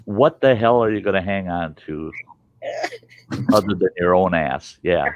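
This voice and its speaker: A man hosting a storytelling show, telling a rambling, folksy, animated tale and swearing casually as he goes. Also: low voice, measured pace, no room sound, narrow, tinny audio. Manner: animated, folksy, swears casually, chuckles through his tales. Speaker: podcast host.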